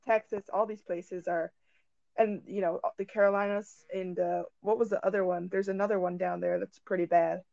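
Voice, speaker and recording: Gravelly-voiced woman caller. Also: mid-range voice, little pitch movement, moderate pace, warm tone, dry recording. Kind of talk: call-in debate. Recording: dry, dull lo-fi call audio.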